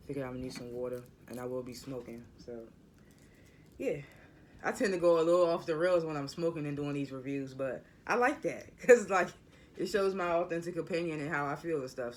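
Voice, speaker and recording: A man's voice: on the high side, normal speed. A man casually recapping a TV episode, stuttering and repeating words as he rambles. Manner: rambling, loose and conversational. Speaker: TV episode reviewer.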